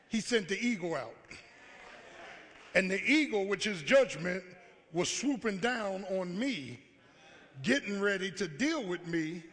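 A pastor preaching a call-and-response sermon, acting out God's voice and rising to shouts. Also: male voice, high voice. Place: church sanctuary. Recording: live church hall with long reverb.

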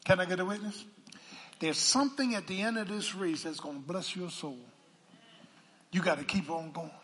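An older man preaching a sermon from the pulpit, calling for a witness and swinging from hushed asides to shouts. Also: high-pitched, moderate pace, slight background noise. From Philadelphia. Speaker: pastor. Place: church sanctuary. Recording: church hall reverb.

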